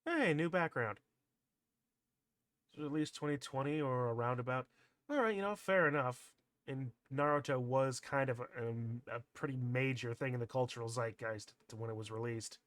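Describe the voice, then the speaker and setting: A man's voice: medium pitch, lively intonation, normal speed, a bit bright, no echo. A man streaming a visual novel, reading it aloud and dropping sardonic, wry asides.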